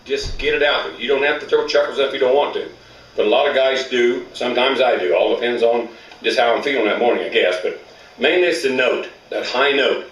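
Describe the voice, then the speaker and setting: A man's voice: mid-range voice, brisk, a bit bright, reverberant, recorded from a distance, low-quality recording. A man teaching elk calling in a plainspoken, folksy way, with rural grammar. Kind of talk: outdoor hunting instruction.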